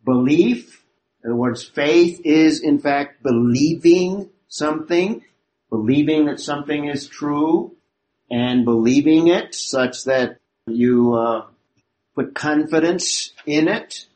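A man's voice: fairly high pitch, takes it slowly, darkish tone, rough recording. A man teaching a Bible study class, explaining a passage and asking rhetorical questions of his listeners.

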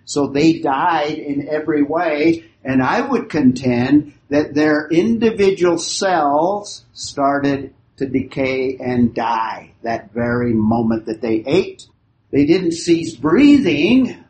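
This Bible class teacher has a fairly high, lively voice that is a little mellow and slow. He questions his group, echoes back what they say, and leans hard on important phrases, stretching them out. Faint hiss runs through the roomy hall sound.

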